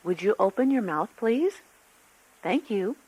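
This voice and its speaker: A woman playing a calm, polite school nurse in a textbook listening dialogue, giving instructions. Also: medium pitch, measured pace, slightly rough, no echo, highs cut off.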